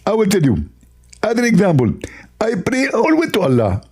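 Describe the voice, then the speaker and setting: A man putting on a mocking impression of a prim, self-satisfied male preacher with a squeezed, strained high voice. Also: huge pitch swings, moderate pace, a little mellow, slightly rough, exaggerated voice. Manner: mocking impression, fussy over-explaining.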